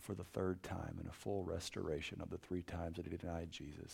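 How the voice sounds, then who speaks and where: A man preaches to students in a loose, conversational way. He is animated, then drops to a quiet, intense hush to drive a point home. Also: low-pitched, fairly quick, vocal fry, hardly any pauses, husky. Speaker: campus preacher. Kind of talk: casual sermon.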